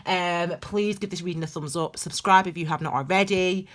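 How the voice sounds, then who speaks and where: A woman's voice: lowish voice, fairly even intonation, moderate pace, fairly bright tone. A woman giving a tarot reading to camera in a chatty, rambling way, full of asides and restarts. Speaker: tarot reader.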